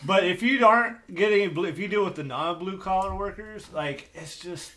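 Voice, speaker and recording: A man veteran chatting on a podcast, earnest and a little halting. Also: high-pitched, a bit bright. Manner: earnest, halting, many "uh" and "I mean". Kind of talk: casual chat.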